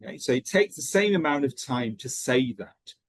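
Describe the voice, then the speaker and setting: Lively male teacher trainer, husky voice. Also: medium pitch, normal speed, no echo. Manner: lively, checks in with frequent "okay". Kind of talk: online training lesson.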